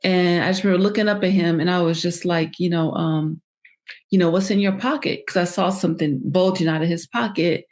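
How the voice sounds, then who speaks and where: A woman speaks as a podcast guest with a slightly low voice. Her story comes out haltingly, with many fillers, pauses and restarts. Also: fairly even intonation, a little mellow. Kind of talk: personal storytelling in an interview.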